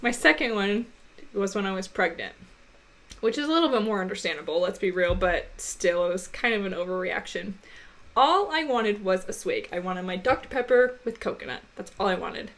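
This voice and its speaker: A young woman co-hosting a podcast, telling a personal story in a casual, animated way, laughing often. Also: normal speed. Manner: animated, laughing, gets high and loud when retelling upset moments. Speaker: podcast co-host.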